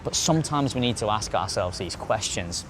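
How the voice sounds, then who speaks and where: A man's voice: fairly low pitch, animated, normal speed, noisy background. A man talking as a podcast guest in casual conversation, rambling off on tangents and swearing freely.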